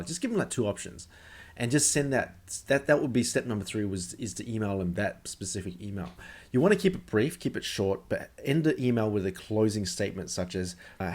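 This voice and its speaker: A man gives sales advice straight to camera in a loose, chatty way. His voice sits a little low, and he stresses key points hard, circling back and repeating phrases as he goes. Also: lively intonation, a little fast, darkish tone. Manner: emphatic, conversational, often repeats himself. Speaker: sales coach. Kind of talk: casual instructional talk to camera.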